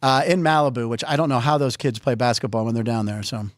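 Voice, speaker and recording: A man hosting a casual sports talk show, joking and bantering with quick stammered restarts. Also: medium pitch, no room sound, studio quality. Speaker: host.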